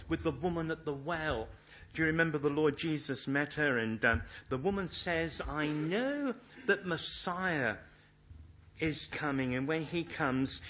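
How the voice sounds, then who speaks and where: A man's voice: a little high, fairly bright tone. A man preaching a sermon in an earnest way, leaning hard on the scripture lines he quotes. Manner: earnest, emphatic when quoting scripture. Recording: dull lo-fi recording.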